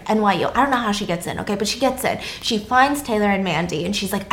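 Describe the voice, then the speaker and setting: A woman's voice: medium pitch, animated, fast talker, few pauses, a bit bright, a little hiss or hum. A woman hosting a podcast, retelling a story casually with sassy asides. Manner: chatty, sassy asides, acts out quotes. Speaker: podcast host. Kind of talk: casual true-crime storytelling.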